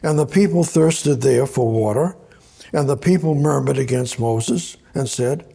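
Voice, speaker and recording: In a sermon styled as Bible study, a man reads scripture aloud, talking conversationally and returning to the same words. He has a medium-pitched, creaky, husky voice with a warm tone, and speaks a little slowly.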